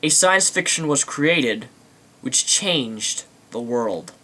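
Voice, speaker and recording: A man's voice: fairly high pitch, pushed and bright. Indignant man ranting about movies. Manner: indignant, mocking, theatrical. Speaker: video commentator.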